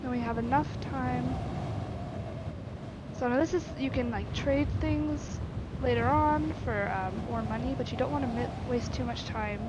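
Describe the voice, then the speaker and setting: A woman streaming a story game, chatting casually and reading the game text aloud with louder acted quotes. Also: a little high, unhurried. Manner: relaxed, reads story lines with bursts of louder acted quotes. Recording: slightly muffled stream audio with faint noise.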